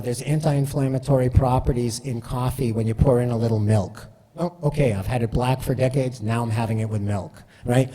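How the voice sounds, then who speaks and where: A man giving a chatty, animated, self-deprecating storytelling talk. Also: medium pitch, long reverb tail. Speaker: speaker.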